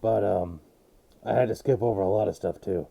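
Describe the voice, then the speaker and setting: Male anime vlogger, gravelly and low, recapping with excited rambling. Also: a little fast, a little hiss or hum. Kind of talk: casual episode recap.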